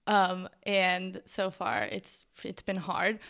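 A woman's voice: on the low side, takes it slowly, vocal fry, fairly bright tone. Giggly woman guest on a podcast. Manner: giggly, rambling, hesitant. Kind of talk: casual podcast chat.

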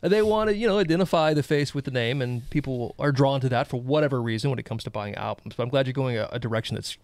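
A man hosting a casual interview, asking quick questions in a playful, teasing way. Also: mid-range voice, a little mellow, no room sound. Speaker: interview host.

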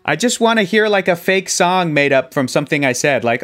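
An upbeat woman co-host chatting casually in a slightly low voice. She laughs easily between questions. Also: expressive, brisk, a bit bright. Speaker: podcast co-host. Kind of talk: casual interview chat.

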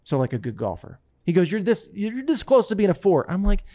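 A man casually telling a long story, acting out what others said in lively voices. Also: high voice, brisk. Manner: animated, quotes others in lively put-on voices.

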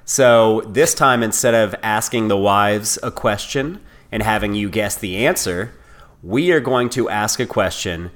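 A man with a lowish voice explains a couples quiz on a podcast. He is measured and steady, walking through each rule with care. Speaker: podcast co-host running a game. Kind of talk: casual chat.

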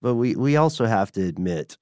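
A man co-hosting a podcast, explaining history in a measured, casual way with frequent chuckles. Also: on the low side, expressive, darkish tone, no room sound, clean studio sound. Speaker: podcast co-host.

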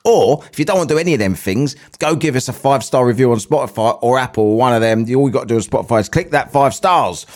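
A man's voice: medium pitch, animated, fast, few pauses, a little mellow. A man hosting his own podcast, talking casually and swearing as he wanders between asides. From England. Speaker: podcast host. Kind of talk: casual solo podcast chat.

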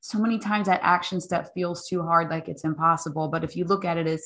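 Woman host, bright tone, enthusiastic, affirming, eager to reflect back ideas. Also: on the low side, fairly even intonation, a little fast, few pauses. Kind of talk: casual chat.

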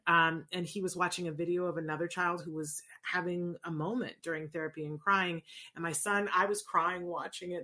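Earnest encouraging woman, lowish voice. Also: sharp tone. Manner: earnest, encouraging, rhetorical asides. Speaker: host answering viewer questions. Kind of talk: casual advice talk.

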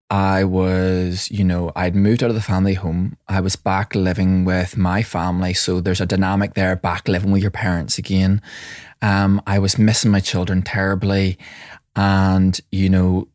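Low-voiced man telling a reflective story. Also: little pitch movement, normal speed, no echo, studio quality. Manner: reflective, warm anecdotes with many restarts. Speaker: mindfulness teacher and separated father. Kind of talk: conversational interview storytelling.

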